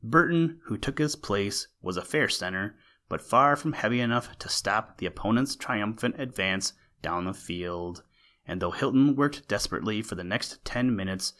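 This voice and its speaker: A man narrating an old-fashioned school story in a steady, expressive reading. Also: on the low side.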